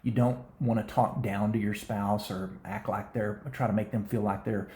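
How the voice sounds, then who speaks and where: A man co-hosting a marriage advice show, talking fast and energetically with frequent restarts. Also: fairly low pitch, steady tone, darkish tone, reverberant, slight background noise. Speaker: co-host of a marriage talk show. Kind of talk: casual advice talk.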